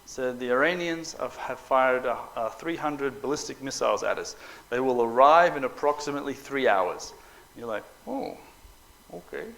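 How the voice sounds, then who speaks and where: A man's voice: mid-range voice, moderate pace, poor audio. Joking middle-aged male preacher telling stories. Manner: animated storyteller, acts out quotes, joking asides. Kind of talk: storytelling talk to an audience. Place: hall at a Bible school.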